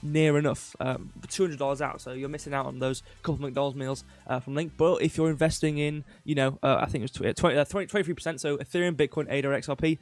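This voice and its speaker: A man's voice: a little high, fairly even intonation, quick pace, hardly any pauses, soft background music. A young man hosting a casual crypto livestream, rambling with lots of fillers and offhand jokes. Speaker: crypto news host.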